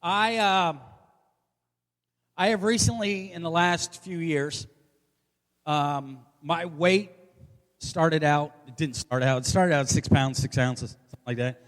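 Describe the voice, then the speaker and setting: A man's voice: on the high side, slow pace, pauses often, fairly bright tone. A man in his forties doing a stand-up comedy set, delivering brash, profane, self-mocking punchlines. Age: 40s. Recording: long hall reverb.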